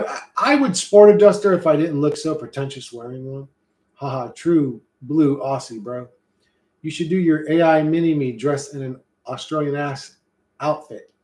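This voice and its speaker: A man's voice: fairly high pitch, a little mellow, reverberant. A man with an American accent streaming casually, rambling and swearing while he reads chat. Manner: profane, rambling, loose and joking. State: hot and sweating.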